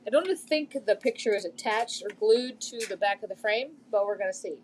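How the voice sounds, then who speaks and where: A woman's voice: medium pitch, fairly quick, background noise. A middle-aged woman chatting casually on a live stream about a thrift find, rambling a little with lots of fillers.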